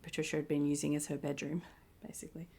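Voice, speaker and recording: Low, gravelly-voiced woman chatting. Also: flat delivery, fast talker, dark tone. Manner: chatty, amused, laughing between remarks. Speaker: podcast co-host. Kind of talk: casual TV episode recap chat.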